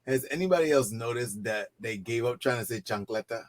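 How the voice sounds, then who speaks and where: A man co-hosting a casual podcast, excitably jumping in with reactions and stories. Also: mid-range voice, a little fast, very noisy. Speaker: podcast co-host.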